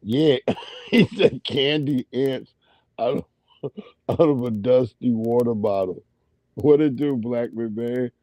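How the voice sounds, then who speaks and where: A man's voice: medium pitch, slow pace, long pauses, mellow, no echo. Profane, laughing man telling stories. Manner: profane, laughing storyteller greeting his chat. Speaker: livestream host. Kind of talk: casual livestream chat.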